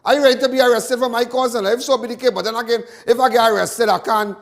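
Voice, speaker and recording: A man's voice: very high-pitched, steady tone, fast talker, vocal fry. A Trinidadian man hosting a live crime talk show, delivering a fiery monologue full of repetitions and stammered restarts.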